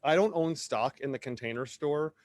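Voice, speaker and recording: A man's voice: on the high side, normal speed, slight background noise. Tangent-prone chatty middle-aged man. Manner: rambling, animated, wanders off on tangents. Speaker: podcast guest, drag performer. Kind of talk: casual podcast conversation.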